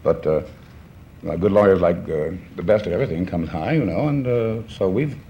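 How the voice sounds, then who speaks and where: A man's voice: deep voice, normal speed, mellow. A man in his fifties from New Orleans, a talk show guest chatting casually and recounting events with quoted back-and-forth dialogue. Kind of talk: casual chat. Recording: faint background hiss, 1960s television audio.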